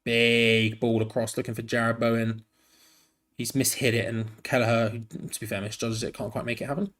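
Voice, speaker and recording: Male host, tired, live fan commentary over a match, loose and rambling, medium-pitched voice. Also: flat delivery, normal speed, fairly bright tone. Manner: rambling and frank, cutting between play-by-play and asides. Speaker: host of a fan channel watch-along.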